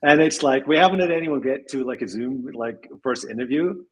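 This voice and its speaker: Heard in a low-quality recording with slight background noise, a medium-pitched man talks a little fast. He runs a tech company and appears as an interview guest in a casual conversation, thoughtful and rambling, with restarts and small laughs.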